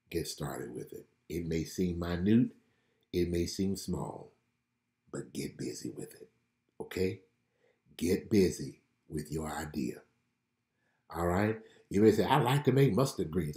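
A man with a fairly low, slightly mellow voice preaches a prophetic message on a livestream, with a roomy sound. He exclaims, laughs and greets viewers by name.

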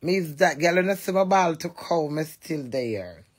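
A woman's voice: sits low, lively intonation, moderate pace, breathy edge. A woman with a Jamaican accent, ranting and cussing defiantly in a monologue to camera. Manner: loud, cussing, defiant rant. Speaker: vlogger.

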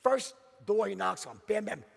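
A middle-aged man giving a motivational sales keynote, telling a story in an animated, punchy way and checking in with the audience with "right?". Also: high voice, moderate pace, vocal fry. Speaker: keynote speaker. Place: large conference hall. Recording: long hall reverb from stage.

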